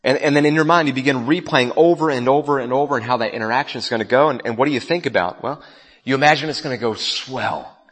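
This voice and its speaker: A man's voice: mid-range voice, racing, hardly any pauses. Man preaching in a reverberant hall. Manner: conversational storytelling, addresses listeners directly. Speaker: pastor. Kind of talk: sermon. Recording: long reverb of a large hall.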